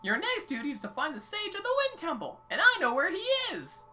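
A man's voice: huge pitch swings, fairly quick, sharp tone, far from the mic, exaggerated voice. Man doing a melodramatic heartbroken temple spirit. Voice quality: high theatrical voice. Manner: overwrought, grandiose.

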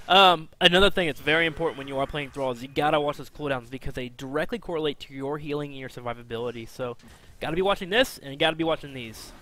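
A man talks through his own match in casual gameplay commentary, his voice sitting a bit high for a man. He is chatty and self-mocking, swinging from excited bursts to muttered asides. A faint hum sits under the recording. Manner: chatty, self-mocking, jumps between excited outbursts and mumbling. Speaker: game commentator.

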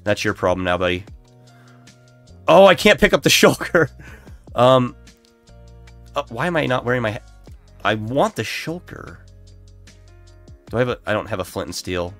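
A man's voice: medium pitch, very animated, moderate pace, long pauses, a bit bright. A man live-streaming a video game, nasal and congested from allergies, chatting casually with his viewers in a self-deprecating way while he plays. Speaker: Minecraft streamer. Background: lo-fi background music.

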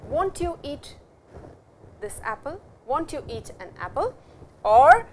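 A woman teaching a language lesson, explaining slowly and repeating each example sentence. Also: high-pitched, sing-song, slight background noise, rough recording. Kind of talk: classroom lecture.

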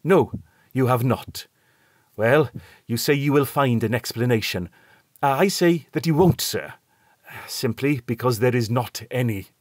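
A man's voice: medium pitch, measured pace, pauses often, no echo, pitched above the performer's own voice, close to an everyday voice. A ship's doctor, blunt and superstitious, as put on by a male audiobook reader. He is curt and stubbornly sure of himself, in a voice lifted well above the reader's own. The recording is close and dry. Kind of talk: dramatic audiobook reading.

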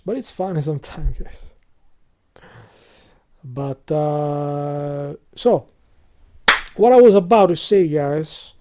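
A man ranting casually to his viewers in a vlog, cursing a lot, laughing often, and swinging between loud outbursts and low muttering. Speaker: video blogger. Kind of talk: casual rambling vlog rant.

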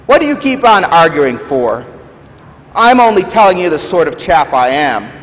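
A self-righteous ghost of a common working man rants, loud and raised in pitch, as a pastor reading aloud puts him on. His voice rings out high and forceful, with a long reverb trailing off the church walls. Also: sing-song, normal speed. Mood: indignant. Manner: blustering, loud, repeats "see?" and "bloody". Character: indignant working-class male ghost, self-righteous, aggrieved. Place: church sanctuary.

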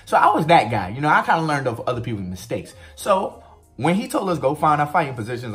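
Man, casual storytime vlogger, very lively pitch, swearing freely, faint music underneath. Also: fast. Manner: animated, profane, swings pitch widely for emphasis.

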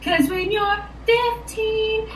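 A woman singing along slowly in a high, drawn-out voice, some way from the mic. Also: slight background noise. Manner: sing-song, drawn out. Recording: echoey room, singing from far off.

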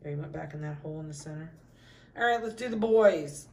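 A middle-aged woman dog breeder in a casual puppy update, cooing softly to the litter and giving brisk practical notes to buyers. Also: sits low, expressive, far from the mic. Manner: coos softly to puppies, then gives brisk practical notices to buyers.

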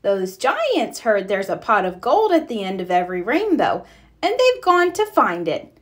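A woman's voice: mid-range voice, wildly swooping pitch, moderate pace. A woman voicing a nervous young boy turtle in a storybook read-aloud. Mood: cheerful.

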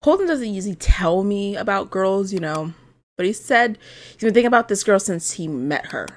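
A woman's voice: mid-range voice, expressive, normal speed, natural voice. Plain read of a proud, chatty middle-aged dad, with a woman voicing him in a mid-range voice. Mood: fatherly. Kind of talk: reading game dialogue aloud.

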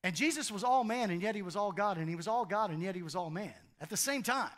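A man's voice: high-pitched, lively intonation, fast talker, a bit bright. A middle-aged man preaching a sermon in a church, conversational and humorous, often repeating phrases for emphasis. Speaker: pastor. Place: church auditorium.

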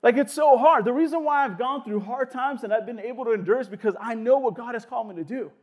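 A young male pastor preaching a sermon in a casual, animated way, with lots of "like" fillers and quick asides. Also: very high-pitched.

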